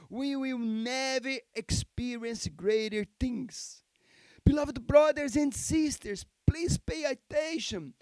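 Emphatic pastor preaching, high and very slow. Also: male voice, dry recording. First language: Portuguese. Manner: emphatic, repeats key phrases, calls for amens. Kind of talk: sermon. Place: church.

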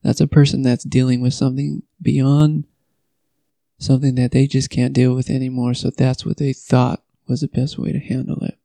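A man speaking earnestly about personal experience in a halting, pleading way. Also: mid-range voice, flat delivery, vocal fry, warm tone, dry recording.

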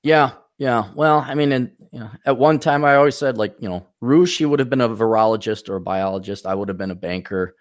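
A podcast host with a brisk, mid-range male voice runs a casual talk show over a video call. He rambles loosely with few pauses, full of fillers and restarts, in a relaxed chatty way.

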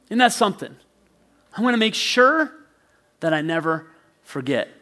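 A man in his forties preaching a sermon as pastor, telling a childhood story in a lively way and laughing often. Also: high-pitched, moderate pace. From northwestern Pennsylvania.

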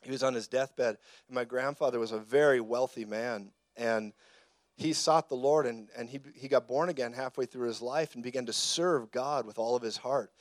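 A man's voice: mid-range voice, normal speed, dry recording. Preaching man, dry close sound. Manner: conversational preaching, storytelling asides, rises to shouted emphasis. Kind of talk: sermon.

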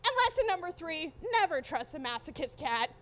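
Woman, very high pitch, lively swooping delivery, young adult, live storytelling, blunt and profane, wry. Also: a little fast, heavy background noise.

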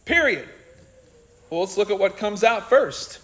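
High-voiced animated male preacher. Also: moderate pace, rough recording. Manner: animated, jokey asides, acts out quoted people. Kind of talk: sermon.

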